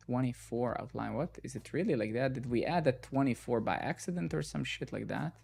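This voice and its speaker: A man's voice: mid-range voice, brisk, creaky, darkish tone. A man live coding on a stream, thinking aloud as he works and swearing at the code when it breaks. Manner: muttering to himself, swearing in frustration.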